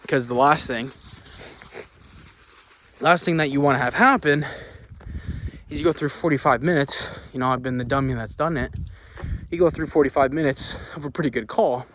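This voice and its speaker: A man's voice: medium pitch, normal speed, pauses often, a bit bright, a little hiss or hum. Man coaching while walking uphill. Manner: emphatic, repeats words, frequent "okay?" and "right?"; talking while walking, puffs between thoughts. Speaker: sales coach. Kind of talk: casual coaching monologue. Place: walking outdoors on hilly ground.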